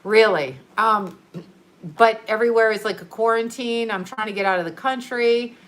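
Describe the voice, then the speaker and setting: A woman's voice: a little high, normal speed, fairly bright tone. A woman hosting a casual livestream, chatting loosely with viewers, rambling and laughing often. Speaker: livestream host. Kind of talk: casual live-stream chat.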